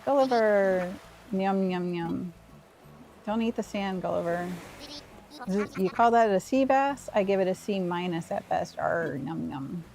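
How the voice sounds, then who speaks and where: A woman's voice: medium pitch, unhurried, darkish tone, soft background music, lightly acted, low-quality recording. A woman voicing a blustery, pun-loving male seagull who talks like a pirate, growling "arr" as she reads his lines from a game. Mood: hammy pirate.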